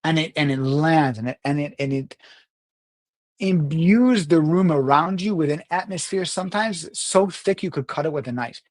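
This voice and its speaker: Middle-aged male speaking coach, animated delivery. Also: normal speed. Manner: animated, swings pitch and loudness to demonstrate. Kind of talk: talk to camera on communication skills.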